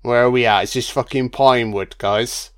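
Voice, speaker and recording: A man's voice: medium pitch, steady tone, moderate pace, a bit bright. A man giving casual, sardonic film commentary full of swearing and jokey asides.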